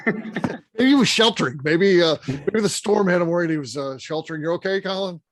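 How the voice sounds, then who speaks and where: A man's voice: sits high, normal speed, no room sound. A man hosting an online whiskey tasting, friendly and affirming. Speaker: host.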